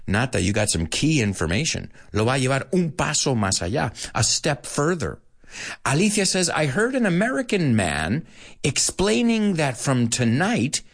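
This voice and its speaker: A man hosting a live-streamed English lesson, playful and animated, dropping into Spanish asides now and then. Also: mid-range voice. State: out of breath at times.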